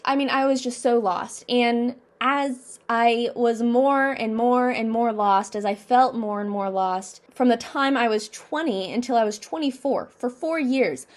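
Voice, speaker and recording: A woman in her twenties giving an earnest, personal motivational talk to camera, repeating phrases and asking herself questions as she goes. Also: fairly high pitch. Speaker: vlogger.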